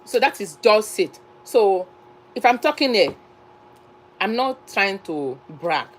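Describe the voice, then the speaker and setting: A woman's voice: mid-range voice, lively intonation, slow pace, slight background noise, poor audio. A woman from Nigeria with a Nigerian accent, hosting a casual live stream chat and talking in a chatty, repetitive, emphatic way.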